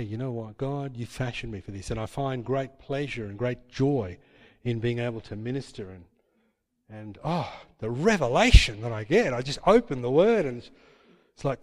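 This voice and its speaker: Pastor preaching in a reverberant hall. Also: male voice, medium pitch. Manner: emphatic, repeats points, tag questions. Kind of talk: sermon.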